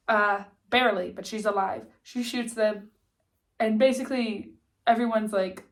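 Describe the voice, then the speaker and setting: A woman's voice: mid-range voice, steady tone, unhurried. A woman with a stuffy nose casually recapping a TV series, chatty and full of "like" and "um". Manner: chatty, lots of "like" and "um" fillers. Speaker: TV recap vlogger.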